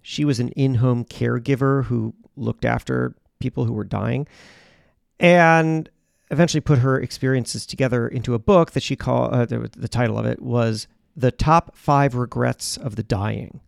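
A man's voice: medium pitch, fairly even intonation, normal speed, no echo, studio quality. A man hosting a podcast, reflecting on a story he has just played for listeners. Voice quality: gravelly. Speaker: podcast host.

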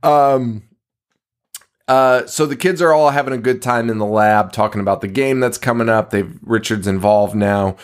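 A man's voice: medium pitch, normal speed. A man co-hosting a podcast, recapping a horror movie in casual chat, swearing often, laughing and acting out the characters' lines. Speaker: podcast co-host.

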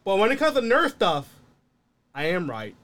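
A man's voice: high-pitched, huge pitch swings, normal speed, crowd noise. A man co-hosting a podcast in casual chat, joking and rambling.

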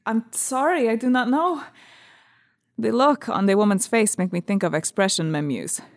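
An actress playing a blunt, matter-of-fact young Estonian immigrant woman in a radio drama, speaking halting, broken English with an Estonian accent and searching fillers. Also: on the high side, no echo, studio quality, lightly acted.

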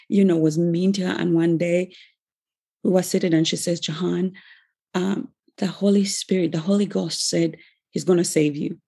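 Gravelly Ugandan woman telling her testimony. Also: lowish voice, a little mellow. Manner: earnest storytelling, acts out quoted dialogue. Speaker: speaker giving a personal testimony. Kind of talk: personal testimony.

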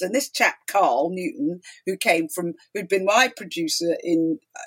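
A woman's voice: on the low side, a little slow, husky. A middle-aged woman, a talk show host as guest, telling stories emphatically and acting out quotes in a chatty interview. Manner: animated, emphatic, acts out quotes. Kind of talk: storytelling interview chat.

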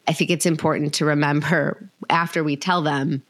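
A woman's voice: deep voice, flat delivery, normal speed. A woman hosting a parenting podcast, talking thoughtfully and sometimes searching for words. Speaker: podcast host. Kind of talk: conversational parenting discussion.

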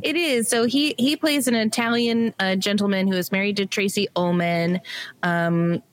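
A woman co-hosting a casual comedy podcast, describing a film in a relaxed way, often pausing on ums. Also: mid-range voice, no room sound. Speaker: podcast co-host. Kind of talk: casual chat.

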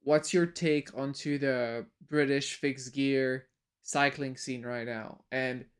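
A male host puts questions to a panel, pausing often with hesitant fillers. His voice is smooth and clear at a medium pitch. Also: fairly even intonation. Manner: questioning, hesitant with many uh pauses. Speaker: podcast host. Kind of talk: hosting a casual panel chat.

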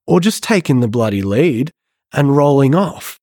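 Male counsellor, mid-pitched, earnest and excitable, dry close sound. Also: measured pace, dry recording. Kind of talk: podcast discussion.

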